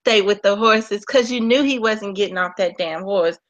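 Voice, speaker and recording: A woman in her forties co-hosting a casual podcast, joking and swearing in animated banter. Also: mid-range voice, normal speed, muffled recording. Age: 40s. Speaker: podcast co-host. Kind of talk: casual chat.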